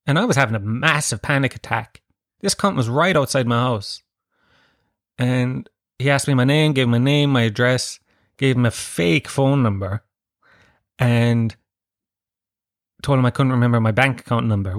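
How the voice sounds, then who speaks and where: A man's voice: a little high, normal speed, pauses often, no room sound, studio quality. Sweary Irish man telling comic stories. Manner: sweary, self-mocking, animated. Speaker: podcast host. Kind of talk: solo comic storytelling.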